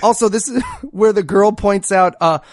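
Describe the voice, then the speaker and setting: A man's voice: high voice, moderate pace, dry recording, clean studio sound. A man co-hosting a comedy podcast, laughing and mocking a movie in banter. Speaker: podcast co-host. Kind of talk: casual comedic movie riffing.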